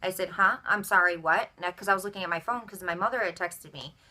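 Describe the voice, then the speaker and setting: A young woman vlogging, telling a retail complaint story in an animated way and acting out the dialogue of everyone involved. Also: fairly low pitch, very fast. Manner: animated, acts out both sides of dialogue. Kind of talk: storytelling rant.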